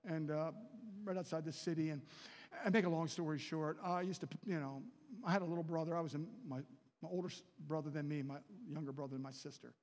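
High-pitched man preaching in a chapel. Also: steady tone, fast talker, big-room sound. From Baltimore area. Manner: dynamic, swings from quiet to shouting. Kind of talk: sermon.

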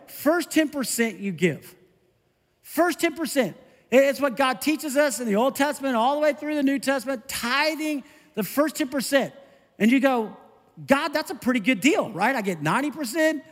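A middle-aged male pastor preaching a conversational, animated sermon. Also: very high voice, in a large hall. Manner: conversational, animated, self-interrupting with laughs.

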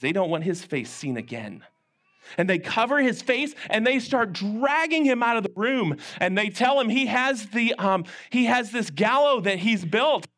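A man preaching a children's sermon in church, telling a story in an animated way and acting out the characters' lines. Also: moderate pace. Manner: animated, acts out characters' lines with big pitch swings. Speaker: children's pastor.

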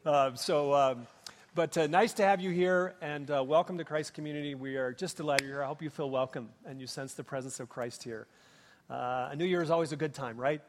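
A man's voice: on the high side, a little fast, a little hiss or hum. A middle-aged man from Minnesota with a Minnesotan accent, preaching a sermon in a folksy, humorous storytelling way with plenty of fillers. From Minnesota, USA. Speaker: pastor. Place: church sanctuary. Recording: long reverb of a large hall.

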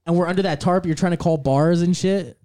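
A man's voice: high voice, a little fast, warm tone. A man, co-hosting a podcast, telling rambling stories full of swearing and laughter. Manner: rambling, laughing mid-story, heavy swearing. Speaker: podcast co-host. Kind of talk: casual storytelling chat. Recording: podcast studio before a live audience.

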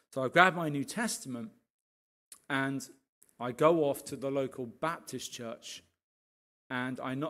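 A man, a pastor, telling his testimony to a congregation as a lively storyteller who keeps checking in with his listeners. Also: medium pitch, measured pace, long pauses.

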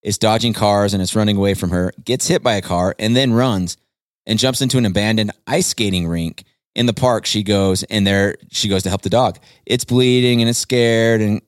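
A man hosting a casual sales-team podcast, jokey and full of shout-outs for his reps. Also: on the low side, no room sound, studio quality. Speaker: podcast host.

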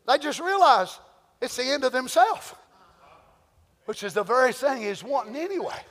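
A man preaching a sermon, dropping to near whispers and then rising into emphatic shouts. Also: very high-pitched, lively intonation, normal speed, pauses often. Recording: long hall reverb.

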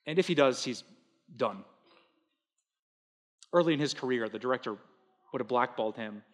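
A man pastor preaching a sermon in earnest, swinging between loud emphatic bursts and hushed soft lines. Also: mid-range voice, lively intonation, moderate pace, big-room sound.

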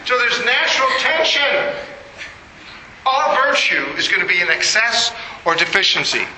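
A man's voice: sits high, pushed and bright. A man giving an interactive lecture, quizzing the audience and making joking asides. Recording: echoey room with noise.

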